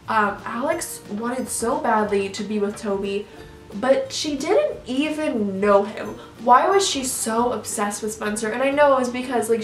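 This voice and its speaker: A young YouTuber's casual reaction rant rambles on, filler-heavy, full of "like" and restarts. Her voice is on the high side and recorded from a distance, off-mic in an echoey room with faint music.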